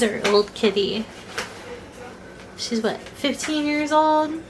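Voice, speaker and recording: A woman's voice: high voice, takes it slowly. A woman hosting a home baking channel, chatting casually in her kitchen and laughing often. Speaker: home baker, channel host. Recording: noisy home recording.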